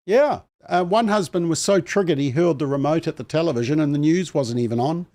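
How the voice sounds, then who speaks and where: A man's voice: fairly high pitch, a little fast, darkish tone. A man hosting a panel show, chatty and self-mocking, with lots of fillers. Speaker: host.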